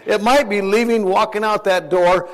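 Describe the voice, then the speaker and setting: A man's voice: sits high, fairly even intonation, moderate pace. An older man preaching a sermon in a conversational way, asking his listeners questions and chuckling often. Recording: long hall reverb.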